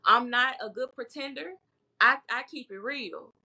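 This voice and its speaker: A woman's voice: a little high, normal speed, sharp tone, slightly rough. A woman speaking as a herbalist guest in a casual podcast chat, bold and emphatic, often repeating words to drive a point home.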